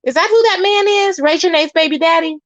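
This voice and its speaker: A woman hosting a casual gossip commentary show, chatty and animated, answering her live chat. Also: very high-pitched, fairly quick, dry recording, highs cut off. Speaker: commentary channel host.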